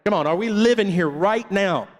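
A man's voice: high voice, animated, moderate pace. A man in his thirties preaching a sermon as a pastor, calling out to the congregation for responses. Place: church hall. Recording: long reverb of a church hall.

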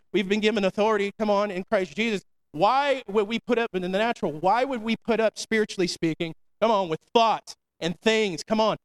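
A man's voice: high-pitched, clear, resonant tone. A man preaching a sermon as pastor, conversational and slangy, punctuating lines with "come on" and "amen.". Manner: preachy call-and-response, repeating "come on".

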